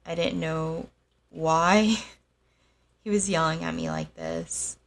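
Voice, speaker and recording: A young adult woman telling a personal story in a halting, soft-spoken way, with frequent pauses. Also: low-pitched, fairly even intonation, gravelly. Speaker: host.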